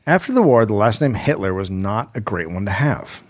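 A man's voice: on the low side, big pitch swings, normal speed. A man co-hosting a comedy history podcast, reading notes with stumbles and wry asides. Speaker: podcast co-host.

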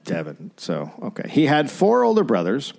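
A man hosting a comedic history podcast, telling the story in a joking, animated way. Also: medium pitch, moderate pace, gravelly. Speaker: podcast host.

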